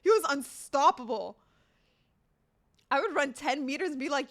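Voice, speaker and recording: Speaking at a normal speed with a high-sitting voice, this twentysomething livestreamer chats loosely with her audience. She tells lively stories, laughs a lot, and lets a few swear words slip.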